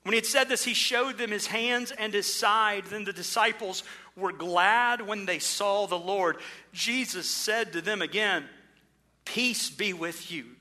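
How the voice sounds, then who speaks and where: Male pastor, earnest sermon delivery, high-pitched, piercing tone. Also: pushed and bright. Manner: earnest preaching, slows and stresses words.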